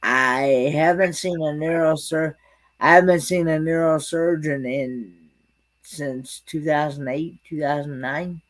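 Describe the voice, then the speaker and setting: A man with a Southern accent chatting casually, speaking haltingly and repeating words as he goes. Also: a little high, steady tone. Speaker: regular guest. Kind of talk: casual chat.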